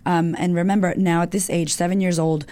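A woman's voice: on the low side, flat delivery, a little fast, warm tone. A middle-aged woman telling her own life story in an interview, frank and emotional, swearing freely. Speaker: guest. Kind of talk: candid personal storytelling.

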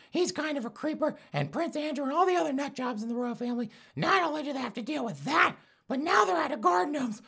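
A man voicing a shrill, frantic listener who wails melodramatically and sounds like someone plainly doing a voice. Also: creaky, a bit bright, full character voice.

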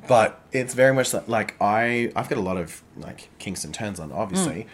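A man's voice: on the low side, lively intonation, normal speed. A young Australian man co-hosting a podcast, chatting frankly with many "like" fillers. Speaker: podcast co-host. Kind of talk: casual chat.

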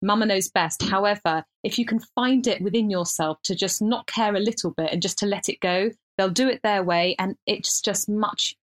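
A middle-aged woman co-hosting a relaxed podcast chat. She tells long, rambling anecdotes full of restarts and asides, in a mid-range voice. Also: mid-range voice, normal speed, few pauses. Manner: chatty storyteller, frequent restarts and laughter. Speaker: podcast co-host. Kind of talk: casual chat.

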